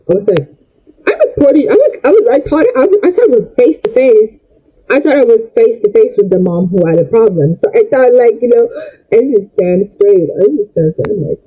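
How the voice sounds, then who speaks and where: High-voiced young man, agitated and husky. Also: animated, fairly quick, muffled recording. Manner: agitated, repetitive, stumbling over words. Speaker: vlogger. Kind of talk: storytime rant.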